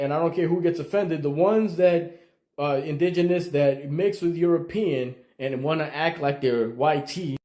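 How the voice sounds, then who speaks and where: A man's voice: a little high, darkish tone. Man from El Salvador, heated commentary, emphatic, repeats himself, echoey room. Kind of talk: social commentary monologue.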